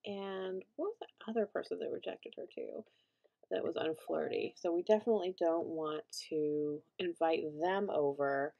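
A young woman giving chatty gameplay commentary as a let's play host, reacting loudly and laughing often. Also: on the low side, normal speed, gravelly, muffled recording.

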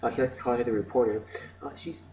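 A man's voice: medium pitch, steady tone, quick pace, darkish tone, a little hiss or hum, rough recording. A man telling stories in a casual video diary, rambling with lots of "like" and "um". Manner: rambling, filler-heavy storytelling with many "like" and "um". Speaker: video diarist.

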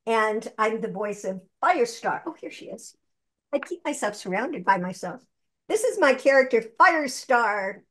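Speaking at an ordinary pace in a slightly high voice, this older actress and voice actor tells lively stories as an interview guest. In the relaxed conversation she chats freely and performs the quotes she recounts.

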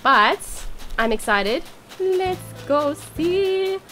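Bubbly high-voiced gaming woman. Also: very slow, faint music behind. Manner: gushing, excitable, swears mildly; bubbly, giggly. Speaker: gaming YouTuber. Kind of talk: casual gameplay commentary.

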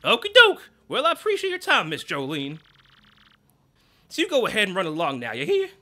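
A man voicing a folksy, loud male boss with a hearty country drawl. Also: high voice, huge pitch swings, brisk, pitched above the performer's own voice, full character voice.

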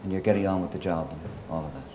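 A man's voice: sits low, very fast. A man in his sixties hosting a live television chat show, questioning guests in a studio. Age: 60s. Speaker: talk show host. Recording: TV studio with audience and noise.

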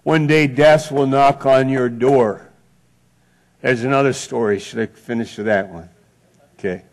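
Male pastor, mid-pitched, unhurried sermon delivery with repeated phrases, church setting. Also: fairly even intonation. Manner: slow, deliberate preaching with repeated phrases. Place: church sanctuary.

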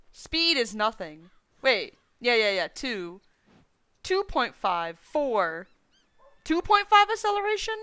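A high, bright and smooth female voice, a woman streaming a game and rambling aloud to herself as she goes. Her talk is loose and playful, full of folksy slang. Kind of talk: live gameplay commentary.

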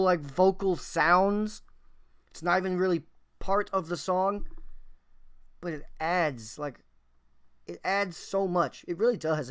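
A man's voice: sits high, clean tone. A man hosting a music reaction video, talking casually and enthusiastically, thinking aloud and swearing now and then.

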